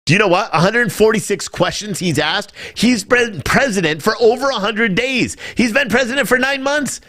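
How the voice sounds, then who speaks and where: Animated, profane ranting man. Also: high-pitched, normal speed. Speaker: political streamer host. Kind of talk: live-streamed political rant.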